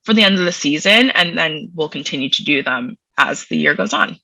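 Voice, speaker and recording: A woman's voice: low voice, animated, brisk, gravelly, bright, forceful tone, no room sound, dull audio. A woman talking as a guest in a casual interview, chatty and self-deprecating, often laughing.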